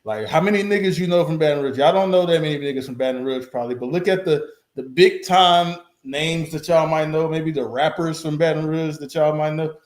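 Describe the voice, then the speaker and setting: A man's voice: a little high, a little fast, hardly any pauses. A man hosting a reaction video, talking bluntly and casually with plenty of profanity. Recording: roomy echo.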